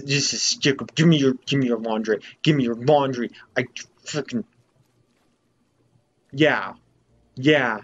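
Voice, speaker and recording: A man's voice: mid-range voice, measured pace, long pauses, husky, lo-fi sound. A young man giving let's play commentary in a playful, jokey, mock-exasperated way. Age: young adult. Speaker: gamer.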